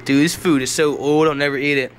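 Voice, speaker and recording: A man's voice: a little high, steady tone, fast talker, slight background noise. A young man with a slightly raised voice, talking in hyper, rambling bursts full of slang and profanity. He films himself on a handheld camera, touring the rooms of his home. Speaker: vlogger giving a home tour. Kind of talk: casual rambling home tour. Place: indoors at home.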